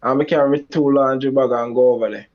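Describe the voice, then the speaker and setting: Speaking fast in a medium-pitched voice with fairly even intonation, a Jamaican-accented man rambles through a long personal story. He slips into Jamaican Creole phrasing and raises his voice to perform quoted lines, all on a dull lo-fi recording.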